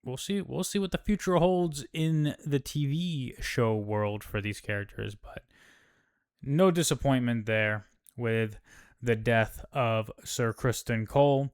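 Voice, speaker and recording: A man's voice: mid-range voice, clear, resonant tone. A man giving a casual TV episode recap, rambling and swearing with plenty of fillers. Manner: rambling, profane, many fillers. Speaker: recap host.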